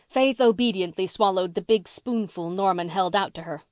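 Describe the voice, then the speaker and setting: A woman reading a classic novel aloud as an audiobook narrator, in an even storytelling delivery. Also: medium pitch, moderate pace, hardly any pauses, no room sound, studio quality. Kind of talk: scripted narration.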